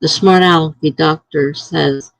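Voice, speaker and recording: Middle-aged woman chatting on her live stream, slow unhurried talk, dry close sound, tells stories and plays out what folks said. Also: sits low, steady tone, dry recording, low-quality recording. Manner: storytelling, acting out what others said. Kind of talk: casual chat.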